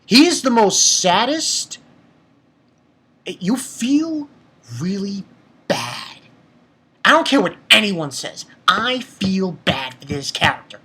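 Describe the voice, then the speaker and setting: A man's voice: sits high, big pitch swings, takes it slowly, long pauses, bright, forceful tone, breathy edge. A man giving a casual spoken review of an anime episode, emotional and profane, often stumbling and restarting his words.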